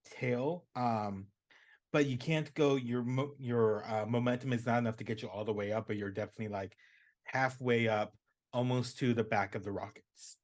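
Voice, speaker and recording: A man's voice: mid-range voice, steady tone, moderate pace. A man narrating as game master in a casual, rambling way full of fillers.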